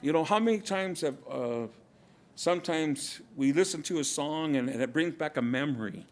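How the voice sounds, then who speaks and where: A man speaking at a conference in a reflective, halting way, often repeating words and using many fillers. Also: on the high side. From Kumeyaay community, Southern California. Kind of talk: casual, reflective talk.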